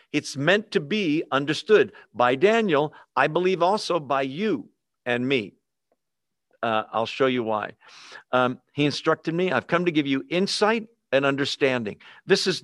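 A man preaching in an easy, talkative way, his voice sitting somewhat high for a man. He keeps checking in with the congregation through questions. The sound is close and dry, with little room echo. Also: fairly bright tone. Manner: conversational, asks the congregation questions. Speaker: pastor. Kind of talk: sermon. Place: church with a live and online congregation.

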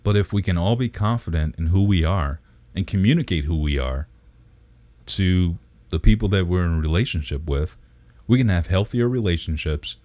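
Super deep mellow guy on a podcast, preachy and sweary, dry close mic. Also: no echo. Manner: emphatic, preachy, sprinkled with swearing. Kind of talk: casual chat.

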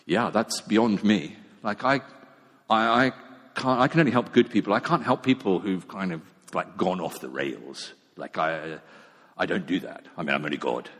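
Man doing god talking to someone who's lost, soft-ish, echoey hall. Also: sits low, normal speed, pitched below the performer's own voice. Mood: dismissive. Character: God, imagined as dismissive then gentle. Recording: long echo of a large hall.

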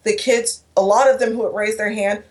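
A woman's voice: medium pitch, steady tone, brisk, a little hiss or hum. A woman telling an emotional personal story in an interview, earnest, with restarts and quoted dialogue. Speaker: guest speaker.

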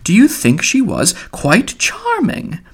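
A man reading an audiobook, voicing a loud, theatrical, mocking young man. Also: on the high side, sing-song, normal speed, pitched above the performer's own voice, full character voice.

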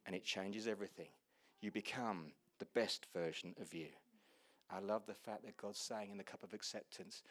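A man preaching a sermon with passion, swinging from loud exclamations to hushed, slow passages and speaking earnestly to his congregation. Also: on the low side.

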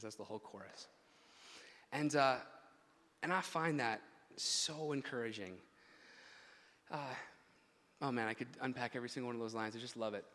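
Animated preaching man in a hall. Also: medium pitch, a little fast, long pauses. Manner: animated, emphatic preaching with restarts. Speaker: pastor. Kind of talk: sermon.

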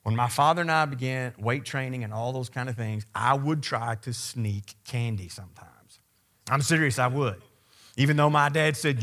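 A man's voice: medium pitch, fairly quick, a bit bright. A man preaching a sermon as pastor, speaking in a conversational yet emphatic way and addressing the congregation directly.

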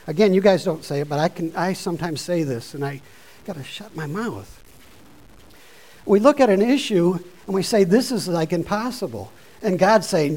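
Man preaching, high voice, informal asides, loud bursts of exhortation. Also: moderate pace, poor audio. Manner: animated, swings from quiet to loud exhortation. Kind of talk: sermon.

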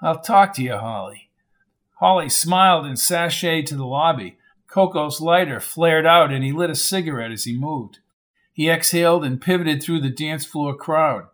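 A man reading a novel aloud in scripted narration, steady and measured. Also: a little high. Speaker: audiobook narrator.

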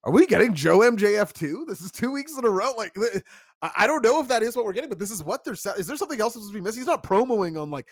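A man co-hosting a casual wrestling review stream, talking in an animated, chatty way and reacting to viewer chat. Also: high voice, racing, no echo, studio quality.

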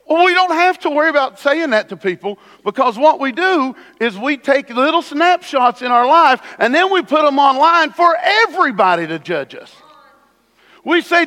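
A man's voice: very high-pitched, sing-song, moderate pace, sharp tone. A man preaching a sermon as pastor in a church, conversational with sudden emphatic bursts. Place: church sanctuary. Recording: long hall reverb.

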